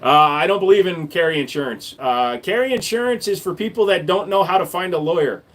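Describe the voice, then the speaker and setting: Brisk and animated, a high-pitched man hosts a laid-back livestream. He reads what viewers type and replies with crude, blunt wisecracks.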